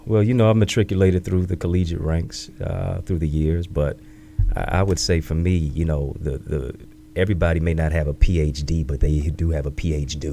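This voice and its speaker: A man in his thirties, an author and speaker, telling his life story in an interview in a reflective, measured way, with catchy sayings. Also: very deep voice, steady tone, vocal fry, warm tone, slight background noise.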